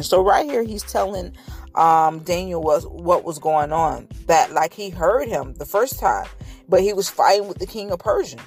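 A woman with a fairly low voice delivers an informal podcast sermon, earnest and direct with her listeners. She stumbles a little as she reads scripture aloud, and soft music plays faintly behind her. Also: lively intonation. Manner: conversational preaching, halting while reading scripture aloud. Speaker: podcast host.

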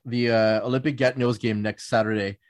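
A man's voice: medium pitch, fairly even intonation, a little fast, no room sound. Laughing man telling hockey stories. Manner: rambling anecdotes with frequent laughs and restarts. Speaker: podcast panelist. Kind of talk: casual storytelling chat.

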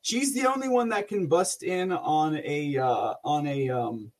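A man hosts a live show in a loose, rambling way and laughs often between his thoughts. His voice sits a little on the high side. He is recorded on a phone. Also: unhurried, a little mellow. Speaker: host. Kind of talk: casual live-show chat.

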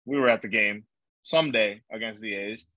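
A man's voice: lowish voice, a little fast, sharp tone, dry recording, rough recording. A young man hosting a casual podcast, telling rambling stories with lots of fillers and swearing. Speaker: podcast host. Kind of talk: casual chat.

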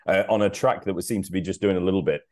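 A man's voice: low-pitched, rapid-fire, a little mellow. A man co-hosting a casual sports podcast, chatty and jokey, laughing often as he recaps a match. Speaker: podcast co-host.

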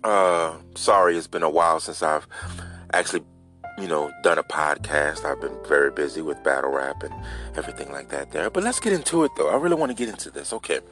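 A man's voice: a bass voice, animated, brisk, fairly bright tone, soft background music. A man hosting a casual solo podcast, telling a story in a loose, rambling way and talking straight to his listeners. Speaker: podcast host.

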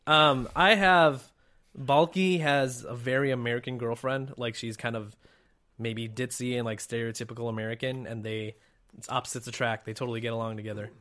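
A man co-hosting a podcast in casual chat, joking and relaxed. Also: mid-range voice, fairly quick. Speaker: podcast co-host.

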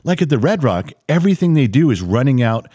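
Animated, blunt middle-aged male podcast host. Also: mid-range voice, fast talker, husky, dry recording. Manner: animated storytelling, blunt, swears. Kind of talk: casual chat.

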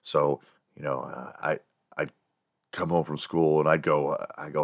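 A man's voice: extremely low pitch, flat delivery, normal speed, no echo, clean studio sound. A man in his forties, from Texas, hosting a morning show and telling rambling, profane childhood stories with laughs of his own. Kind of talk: casual comedic storytelling.

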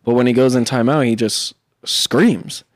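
A man's voice: medium pitch, measured pace, no room sound. A young man in casual chat, rambling with lots of fillers and swearing as he talks about his son. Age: young adult.

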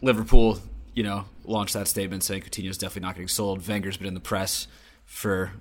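Brief: man, low voice, podcast co-host, rambling and wry. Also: little pitch movement, fast talker, slight background noise. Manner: rambling, filler-heavy, dry jokes. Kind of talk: casual football banter.

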